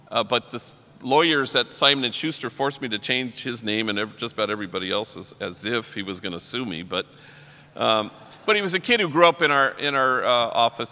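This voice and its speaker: In a large conference hall with long reverb, a priest gives an inspirational talk built on stories and quotations from poets and people he works with. His mid-range voice is bright and forceful.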